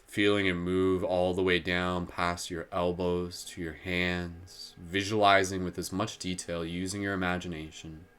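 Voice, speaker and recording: A man hosting a live guided meditation, slow and soothing when guiding, giggly and playful between exercises. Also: deep voice, little pitch movement, fairly bright tone, clean tone. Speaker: meditation host.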